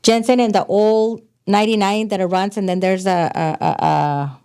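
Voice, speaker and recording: A middle-aged woman from California, a podcast guest telling frank, animated stories about her past in casual conversation. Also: mid-range voice, moderate pace, clean tone. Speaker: podcast guest, host's mother. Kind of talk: casual storytelling chat.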